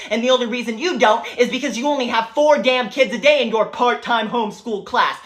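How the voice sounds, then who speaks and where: Woman doing a loud, cursing young teacher. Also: medium pitch, lightly acted. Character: brash, foul-mouthed young female first-year teacher.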